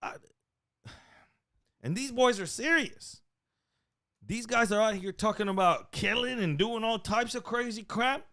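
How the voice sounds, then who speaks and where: Animated high-voiced man mocking sports news. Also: unhurried, long pauses. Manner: animated, mocking, laughs often. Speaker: podcast co-host. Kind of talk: casual sports chat.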